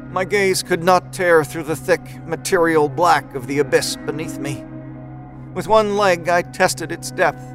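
A man narrating a horror story in a measured, dramatic storytelling manner. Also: fairly high pitch, low-quality recording. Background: music score.

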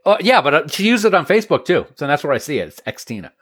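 A man's voice: a little high, sing-song, very fast, fairly bright tone, no echo, clean studio sound. A man co-hosting a podcast, chatting casually and laughing often at himself. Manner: laughs often, self-deprecating banter. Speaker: podcast co-host. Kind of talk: casual chat.

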